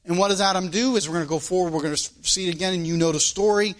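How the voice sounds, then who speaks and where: A preacher from the United States delivering a sermon, emphatic and full of rhetorical questions and repeated phrases. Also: male voice, sits high, very fast.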